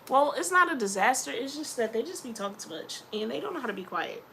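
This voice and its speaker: A woman vlogger chatting casually to camera, animated and playful, with slangy asides. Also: high-pitched, quick pace, vocal fry, very noisy.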